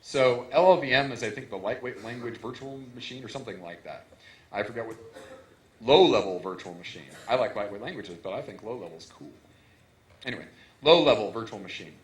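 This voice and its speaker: A man's voice: mid-range voice, brisk. A man giving a technical conference talk, explaining in a casual way with lots of fillers and restarts, into a stage microphone. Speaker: conference speaker. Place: conference hall. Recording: roomy hall echo.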